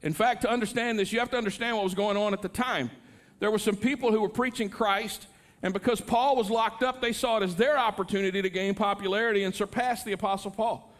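Middle-aged male pastor with a high voice, earnest sermon delivery that climbs into passionate pleading. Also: steady tone, fast. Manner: earnest preaching, rising to impassioned pleas.

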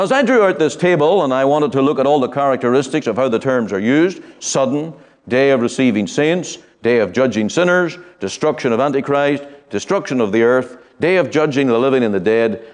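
A middle-aged man from the United Kingdom teaching a Bible study, speaking in an earnest, measured way with frequent pauses and fillers. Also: on the high side, a little mellow.

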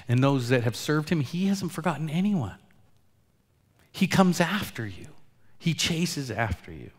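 A man preaching a sermon as pastor, earnest, swinging between loud emphatic lines and quiet, soft asides. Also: mid-range voice. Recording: long hall reverb.

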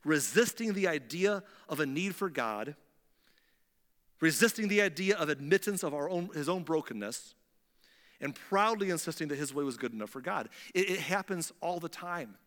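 A man's voice: a little high, expressive, normal speed, a bit bright. A male pastor preaching a sermon in a church sanctuary, emphatic and repetitive, often restarting his phrases. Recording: long hall reverb.

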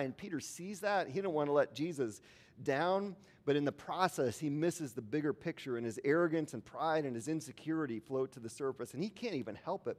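A man's voice: medium pitch, a little mellow. A man preaching a sermon as a pastor, in an informal, conversational way with asides to the congregation.

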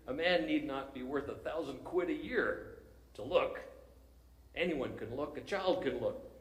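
A man's voice: medium pitch, slow pace. Storytelling male pastor in an echoey room. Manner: animated storytelling, chuckles often. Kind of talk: sermon.

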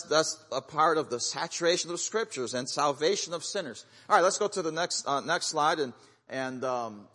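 A man of middle pitch shares mission stories from the pulpit in a relaxed, folksy way. He stumbles and restarts often, with plenty of "uh" and "and, uh". His voice rings out with the long reverb of a large church hall. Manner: folksy storytelling with frequent fillers and restarts. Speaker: guest missionary speaker. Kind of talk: sermon-style testimony.

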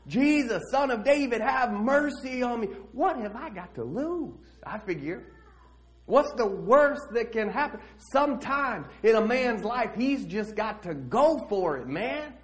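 A man playing a streetwise blind beggar who tells his own story in a church monologue, slangy and animated. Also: high voice, a little slow. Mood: excited. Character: streetwise blind male beggar, brash and eager. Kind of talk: dramatic monologue in a church service.

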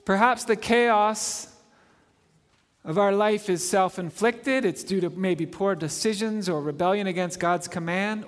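A middle-aged man preaching a sermon as pastor, earnest, repeating phrases for emphasis and checking in with the congregation. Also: sits high. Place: church sanctuary. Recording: long reverb of a large church hall.

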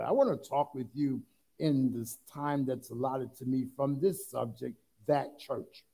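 A man preaching a sermon, leading the congregation in call-and-response and rising to loud, fervent preaching. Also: medium pitch, a little slow, gravelly, poor audio. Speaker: pastor.

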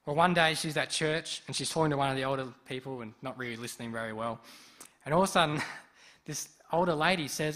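Bright-voiced male preacher telling a story. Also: fairly high pitch, fast talker. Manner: lively storyteller who acts out quoted speech. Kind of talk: sermon storytelling.

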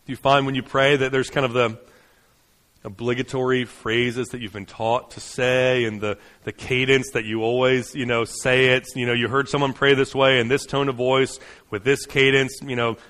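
A man preaching a sermon in a conversational way. He uses frequent "right?" and "you know" asides, builds to fast, urgent runs, then drops soft and slow. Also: mid-range voice, level tone, in a large hall. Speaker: pastor.

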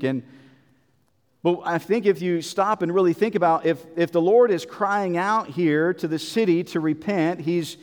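A man's voice: high-pitched, a little mellow, in a large hall. A man preaching a Bible sermon in an earnest, repetitive way, with many fillers and restarts.

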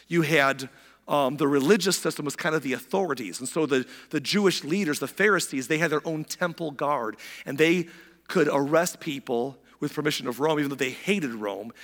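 Male pastor, slightly high voice, hoarse, conversational sermon, long hall reverb. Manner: conversational preaching with expressive voiced quotes. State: hoarse from recent illness.

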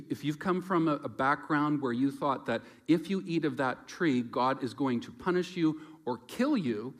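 A man preaching a sermon in a reflective, conversational way, moving between loud emphasis and quiet asides. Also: medium pitch.

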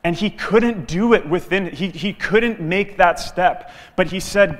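A man preaching a sermon as guest pastor, telling a story with lively delivery and acting out the quoted dialogue. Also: high voice, a little slow, in a large hall.

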